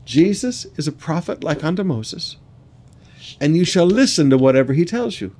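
A man delivers a sermon in a voice pitched a little high. He reads scripture in slow, weighty phrases. Between readings he breaks in with quick, chuckling asides. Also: sing-song, a little mellow. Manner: reads scripture slowly, then adds quick asides with laughs. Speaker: preacher.

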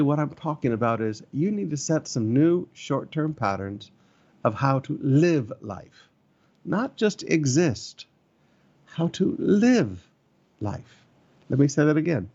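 Gravelly pastor exhorting his congregation. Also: on the high side, a little mellow, muffled recording. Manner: earnest, exhorting, repeats key phrases. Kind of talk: sermon.

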